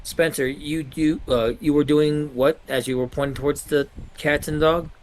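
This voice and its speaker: A man's voice: on the high side, steady tone, moderate pace, a little hiss or hum, low-quality recording. A man narrating as game master, with a casual, hesitant manner.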